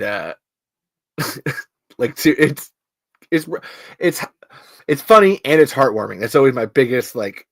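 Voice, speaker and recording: A man's voice: medium pitch, vocal fry, fairly bright tone, dry recording. A man hosting a podcast in casual chat, rambling with restarts and fillers. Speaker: podcast host.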